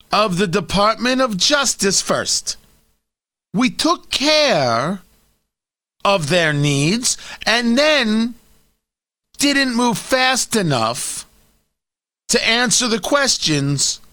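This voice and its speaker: A man's voice: sits high, bright, forceful tone, dry recording, voice pushed up, exaggerated voice. A man putting on a hard-edged New York politician. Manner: hard-edged, drawn-out emphatic delivery. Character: brash middle-aged male politician, defensive.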